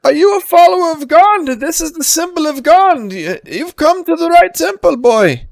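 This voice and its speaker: A man's voice: very high-pitched, lively intonation, normal speed, gravelly, no room sound, clean studio sound, exaggerated voice. A man voicing a forgetful, jittery old woman who keeps a temple, stammering and repeating herself. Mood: doddering.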